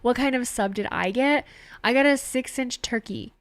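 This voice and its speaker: Young woman, casual live-stream chat, laughs a lot, fairly high pitch, dry close mic. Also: moderate pace, dry recording. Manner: chatty, laughs often, reads out chat messages. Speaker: streamer watching a wrestling show.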